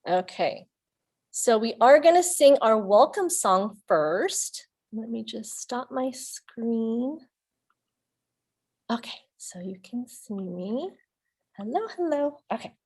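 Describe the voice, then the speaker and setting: A woman's voice: on the high side, very animated, slow, darkish tone, breathy edge. A young woman, a youth librarian, hosting a virtual children's story time in an upbeat manner, speaking to young kids over a computer mic.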